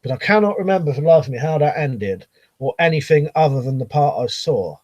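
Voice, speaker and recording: Middle-aged male streamer, loose rambling chat with casual swearing, fairly high voice. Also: animated, fairly quick, darkish tone, dull audio. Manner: rambling, swears casually, reads comments aloud.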